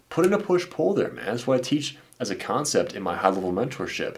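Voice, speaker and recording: A man's voice: mid-range voice, very animated, fairly quick. A man coaching on dating, talking bluntly and casually, calling listeners "dude" and "man" and swearing now and then. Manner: blunt and laid-back, says "dude" and "man" a lot, swears. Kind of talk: casual commentary reacting to viewer messages.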